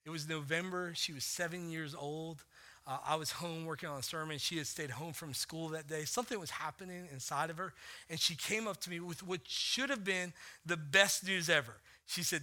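A middle-aged man preaches a sermon in a loose, chatty style. His voice sits high and sounds very bright. He leans on "like" as he tells a story, going quiet at some moments and turning lively at others. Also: brisk. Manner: conversational storytelling, many "like" fillers, swings from hushed to animated. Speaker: pastor.

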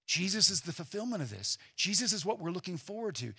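A man preaching a sermon as pastor, earnest and emphatic, at times dropping to a quiet, reflective tone. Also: on the high side, animated, fairly quick, few pauses, husky.

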